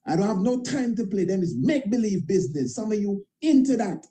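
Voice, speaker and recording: A man with a high, sing-song voice and a warm tone talks briskly on a rough recording. He's a priest who hosts an internet show, delivering an impassioned talk-show monologue that's emphatic and repetitive, full of informal grammar and tag questions.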